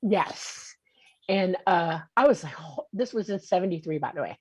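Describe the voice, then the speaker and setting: A woman's voice: lowish voice, lively intonation, moderate pace, husky, no room sound. A woman in her sixties, a guest vividly telling her own encounter story in casual interview talk.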